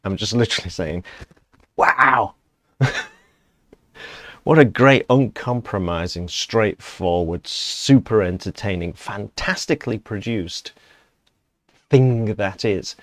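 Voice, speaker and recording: A man's voice: on the low side, slow pace, pauses often, dry recording. A man casually reviewing a song he has just heard, enthusiastic and rambling, chuckling as he goes. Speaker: music reviewer. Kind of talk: casual reaction commentary.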